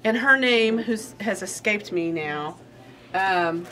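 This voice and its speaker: A woman's voice: mid-range voice, lively intonation, slow pace, a crowd in the background. Chatty rambling woman host. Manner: bubbly, rambling, easily sidetracked. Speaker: quilt shop host. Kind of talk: casual chatty product show-and-tell.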